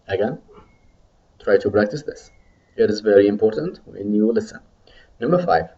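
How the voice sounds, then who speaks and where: A man teaching medical English in a recorded lecture, modelling numbers slowly for students to repeat after him. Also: fairly low pitch, animated, warm tone, lo-fi sound.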